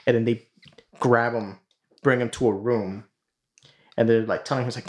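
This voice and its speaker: A man's voice: mid-range voice, fairly even intonation, moderate pace, long pauses. Rambling, swearing man telling a story. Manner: rambling, full of fillers and swearing. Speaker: podcast host. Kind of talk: casual storytelling.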